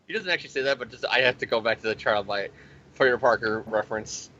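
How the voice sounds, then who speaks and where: A man's voice: medium pitch, fast talker, fairly bright tone. A man recapping a comic issue in a rambling, profane, sarcastic way, as the host of a review show. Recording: dull lo-fi recording.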